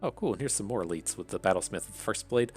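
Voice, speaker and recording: A man's voice: lowish voice, animated, fast, darkish tone, soft background music. A man with an Appalachian accent casually thinking aloud through card draft picks, with many fillers and restarts. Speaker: card game content creator.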